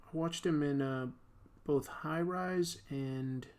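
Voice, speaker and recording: A man's voice: on the high side, takes it slowly, a little mellow. Man, livestream host, casual chat, rambling, joking, lots of fillers. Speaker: comics artist and livestream host.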